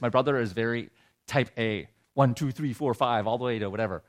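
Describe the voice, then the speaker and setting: A middle-aged man telling a heartfelt personal story in a sermon, his voice dropping low and soft when he is moved. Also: a little fast. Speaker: preacher. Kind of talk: sermon testimony.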